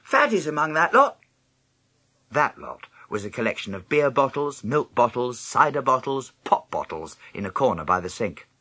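Guy reading a kids' book out loud, pitch bouncing all over, bright and a bit breathy, dry close sound. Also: normal speed, hardly any pauses, dry recording. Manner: lively storytelling, jumping high in pitch for other characters' lines. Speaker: audiobook narrator. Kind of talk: scripted first-person narration of a children's novel.

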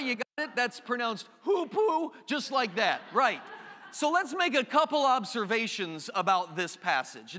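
A man preaches a sermon in a church sanctuary, his voice high and bright. He reads scripture, then breaks into animated, joking asides. A long reverb hangs on every line. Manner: animated, jokey asides, shifts between reading scripture and quick chatter. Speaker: pastor.

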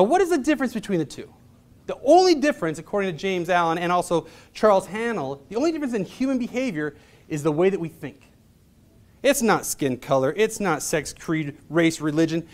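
A man in his thirties giving a motivational presentation, telling stories in a casual, chatty way and acting out the voices of the people in them. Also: high voice. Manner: casual, chatty delivery with fillers. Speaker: motivational speaker. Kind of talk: storytelling presentation.

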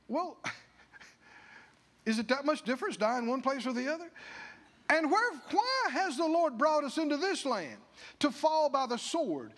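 High-voiced preacher in a reverberant hall. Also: male voice, fairly bright tone. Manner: folksy, acts out the people's grumbling in character voices. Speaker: pastor. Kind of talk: sermon. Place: church.

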